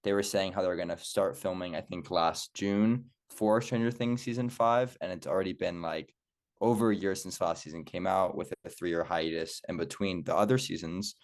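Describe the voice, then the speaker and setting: A young man with a deep, low voice chats as a podcast guest. He talks in a relaxed, casual way, hedging with plenty of "like" and "um". His delivery stays loose and conversational. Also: moderate pace. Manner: casual, lots of "like" and "um", unsure.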